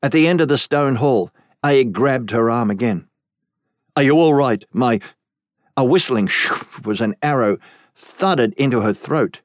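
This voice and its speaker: A man narrating a fantasy novel audiobook in a measured, deliberate storytelling manner. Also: medium pitch, expressive, no echo, studio quality. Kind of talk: scripted narration.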